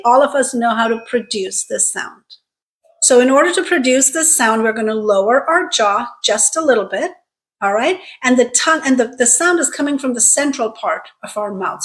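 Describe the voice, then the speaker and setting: A woman with a somewhat high voice leads a pronunciation lesson. She talks straight to her viewers in an encouraging, clear way and slows down to stretch out the sounds she models. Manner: clear, deliberate teaching with drawn-out model sounds; encouraging, direct address to viewers. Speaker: accent coach.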